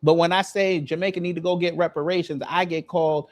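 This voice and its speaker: A man hosts a casual commentary video, mocking his target in slangy, deadpan jokes. His voice sits a little on the high side. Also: brisk. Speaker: host. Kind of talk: roasting commentary.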